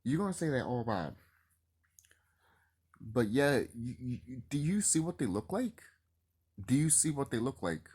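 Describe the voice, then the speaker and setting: A man rambling excitedly and cursing freely in a casual vlog monologue to his viewers. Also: medium pitch, unhurried, long pauses, husky. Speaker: YouTuber.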